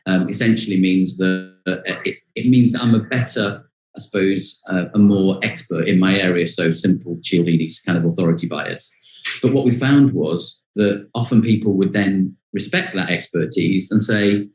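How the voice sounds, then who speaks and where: A man's voice: low voice, a little fast, a little mellow, reverberant, poor audio. A man, a behavioral science consultant, talking through an example in a conversational interview, with many fillers and repeated words.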